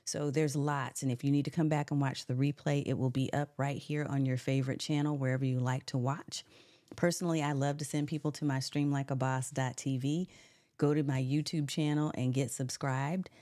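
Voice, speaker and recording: A woman's voice: a bass voice, fairly even intonation, fairly quick, dark tone. A woman hosting a live-stream interview, upbeat and laughing often as she reads viewer comments aloud. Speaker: host.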